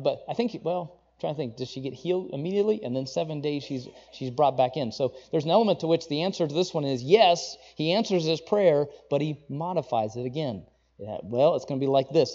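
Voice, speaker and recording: A man's voice: fairly high pitch, warm tone, dull audio. A man preaching a sermon in a conversational, self-correcting way, rising into emphatic quotations of scripture.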